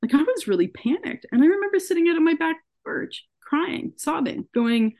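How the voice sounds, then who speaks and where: A woman's voice: extremely high pitch, animated, moderate pace, hardly any pauses, a little mellow. A woman, a podcast guest, earnestly telling a personal story and acting out what people said to her. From Canada. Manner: earnest, recounts events by acting out quoted dialogue. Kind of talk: personal story told in an interview.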